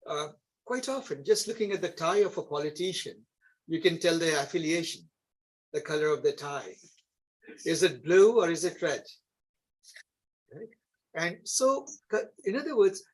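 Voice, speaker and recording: A man's voice: fairly high pitch, slightly rough, rough recording. A man from India with an Indian accent, lecturing a class in an explanatory way and often checking in with tag questions. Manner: explanatory, frequent tag questions like "isn't it?" and "right?". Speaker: instructor.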